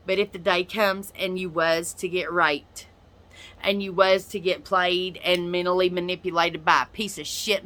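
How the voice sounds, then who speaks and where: A fairly low-pitched woman with a bright, forceful tone confronts another person directly in a reaction video. The YouTuber and podcaster's rant is angry, blunt and full of profanity.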